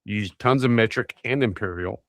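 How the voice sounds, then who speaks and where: A man's voice: on the low side, moderate pace, no echo. A man from the United States joking and laughing in a casual livestream chat.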